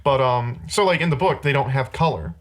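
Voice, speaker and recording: A man's voice: mid-range voice, animated, a little fast. A man hosting a casual podcast, rambling through a rant about bad movies and laughing often.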